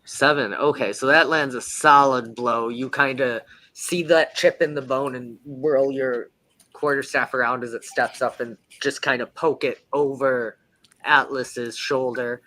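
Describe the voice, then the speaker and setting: A man's voice: medium pitch, steady tone, a little slow, bright, forceful tone, no echo, low-quality recording. A man narrating as game master of a tabletop game, describing the action casually with many fillers.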